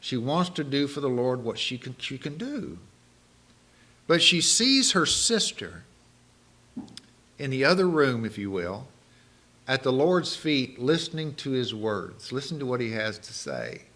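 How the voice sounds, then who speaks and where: Male preacher, sermon, lively swinging pitch, bright tone, animated rhetorical questions. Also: unhurried.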